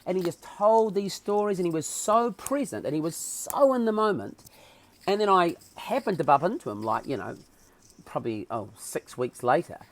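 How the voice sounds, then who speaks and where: Lively New Zealand man telling stories. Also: on the high side, normal speed. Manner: acts out dialogue with lively swings in voice. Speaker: guest. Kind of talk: animated storytelling.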